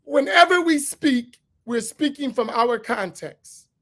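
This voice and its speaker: A man's voice: extremely high pitch, lively intonation, takes it slowly, fairly bright tone. A man speaking as an imam, giving an emphatic lecture-style sermon and repeating his key points. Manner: asks for slides to be put up.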